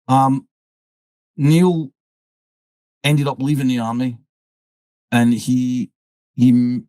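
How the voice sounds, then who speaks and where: A man's voice: medium pitch, mellow, no echo, rough recording. Rambling Scottish man telling a story. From Scotland. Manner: rambling, repeats words, "I says" storytelling. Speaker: interview guest, military pipe band drummer. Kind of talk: conversational storytelling.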